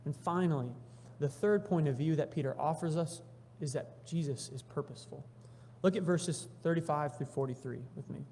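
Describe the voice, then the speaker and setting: A man's voice: fairly high pitch, moderate pace. Man preaching a sermon in a reverberant church. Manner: reads scripture aloud, then retells it in animated everyday voices. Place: church sanctuary.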